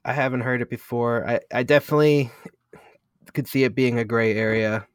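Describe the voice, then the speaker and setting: A man hosting a podcast, responding to his guest in a measured, agreeable way. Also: medium pitch, fairly even intonation, smooth, no echo, clean studio sound. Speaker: podcast host. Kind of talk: casual chat.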